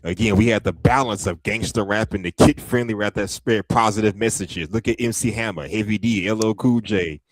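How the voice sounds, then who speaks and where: A man with a somewhat low voice talks in a measured way during a casual chat. The sound is dry and close. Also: dry recording.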